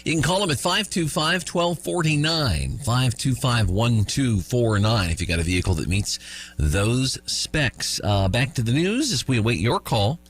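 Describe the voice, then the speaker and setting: A man's voice: medium pitch, animated, moderate pace, husky. A man in his fifties hosting a radio show, reading news items with jokes and chuckling at his own lines. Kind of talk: morning radio chat and news.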